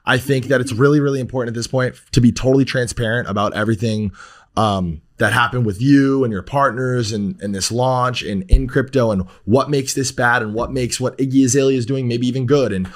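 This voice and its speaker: A man's voice: medium pitch, a little fast. A man speaking as a podcast guest, reassuring and rambling in casual conversation.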